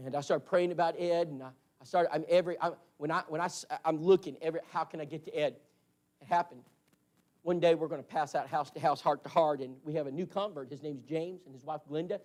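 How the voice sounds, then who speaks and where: A man whose voice sits high with a darkish tone preaches a storytelling sermon in a church hall. He acts out the voices of the people in his stories.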